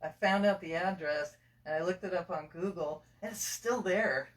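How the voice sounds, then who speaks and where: A man's voice: sits high, normal speed, a bit bright, far from the mic. A man speaks through a face mask, so his words come out muffled. He rambles, restarts and scatters fillers as he talks. His voice sits a little away from the microphone. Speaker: collector and estate seller. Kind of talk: casual interview chat.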